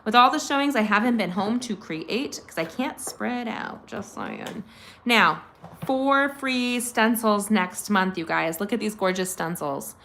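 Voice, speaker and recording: A woman's voice: mid-range voice, animated, measured pace, a bit bright, slight background noise. A middle-aged woman hosting a chatty live card-making tutorial from her home, gushing over supplies and talking straight to her viewers. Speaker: craft channel host. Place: home craft room.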